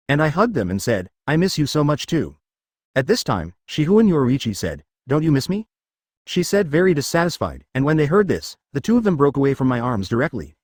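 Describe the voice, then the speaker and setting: A man reading a web novel aloud as an audiobook narrator, every line in the same steady narrating voice. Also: medium pitch, no room sound, studio quality.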